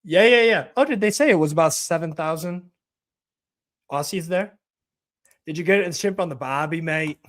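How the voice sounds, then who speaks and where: A man's voice: fairly high pitch, normal speed, long pauses. A man hosting a live watch-along stream, giving casual commentary in a profane, ranting, mocking way.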